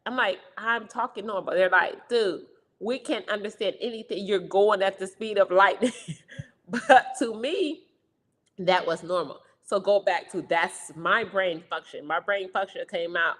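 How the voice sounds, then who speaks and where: Young woman, co-host, casual chat, fast, loud, animated, long reverb. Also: mid-range voice. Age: young adult. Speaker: co-host, stroke survivor.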